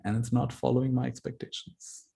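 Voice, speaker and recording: Gentle meditation teacher. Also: male voice, medium pitch, level tone, fairly quick, gravelly. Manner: gentle storytelling, repeats key phrases. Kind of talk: dharma talk.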